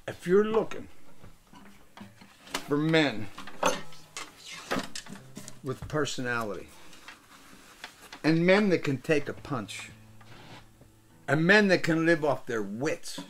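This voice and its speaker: A man's voice: fairly high pitch, pushed and bright, slight background noise. Older man spinning salty rambling tales. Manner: salty, rambling anecdotes that lose the thread; laughs at his own stories. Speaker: show host and musician. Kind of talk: rambling storytelling chat.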